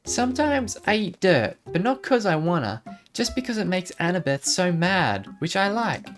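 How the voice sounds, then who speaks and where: A woman voicing a cheeky, excitable little girl in a video game playthrough, squealing and chattering with high excitement. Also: normal speed, soft background music. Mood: chatty.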